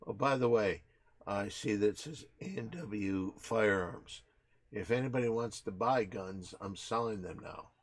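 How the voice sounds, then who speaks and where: A man hosting a casual show, joking crudely and breaking into mock play-by-play with loud excited calls. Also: fairly low pitch, unhurried. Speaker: podcast host.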